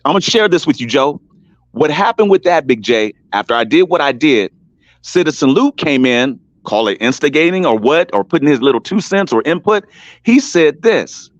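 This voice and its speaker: A man's voice: a little high, animated, fairly quick, no room sound. A man talking on an online panel show, telling a long story with emphasis, restarts and repeated names. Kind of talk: casual live-stream panel talk. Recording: dull lo-fi sound, dry.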